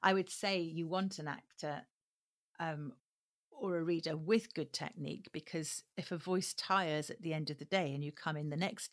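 Low-voiced woman, thoughtful and hesitant. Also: fairly even intonation, moderate pace. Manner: thoughtful, frequent ums and restarts. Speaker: audiobook producer. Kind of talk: interview answers.

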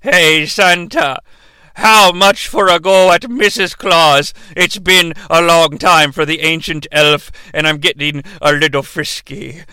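A man voicing a lecherous, ancient male elf who talks slowly and leers. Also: on the high side, steady tone, pushed and bright, clean tone, no echo, voice pushed down. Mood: leering. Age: very old figure.

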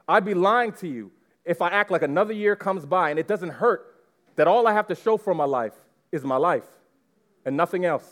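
Male pastor, 30s, high voice, animated sermon, talks right to the congregation. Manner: animated, addresses the congregation directly. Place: church before a live congregation.

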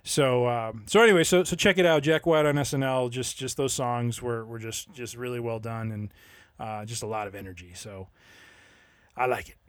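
Halting male podcast co-host, mid pitch, dry close-mic sound. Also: no echo. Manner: hesitant, full of ums and restarts. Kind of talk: casual podcast chat.

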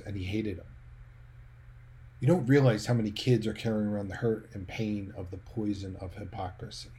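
A middle-aged man, a former pastor, giving a sermon-like teaching talk. He is animated, swinging between loud emphasis and quiet asides, and at times talks fast. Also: medium pitch.

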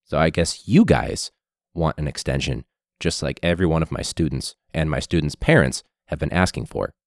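A man who teaches high school, ranting casually with sarcasm and swearing, his throat hoarse from a recent illness. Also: normal speed, no echo, clean studio sound. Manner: sarcastic, profane, mocking.

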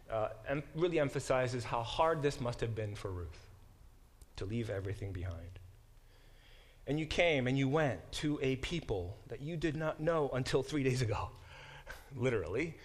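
A man's voice: mid-range voice, expressive, moderate pace. A middle-aged man giving a lecture to a class as its professor, explaining with frequent fillers and restarts. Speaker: professor teaching a Bible class.

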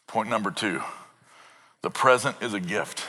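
A middle-aged man, preaching a sermon in a church, playful and animated, with sung and acted-out bits. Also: fairly low pitch, unhurried. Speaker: pastor. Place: church sanctuary.

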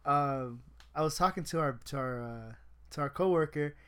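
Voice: mid-range voice, normal speed, fairly bright tone, clean tone. A person in a casual podcast chat who tells stories and laughs often. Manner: laughing storyteller.

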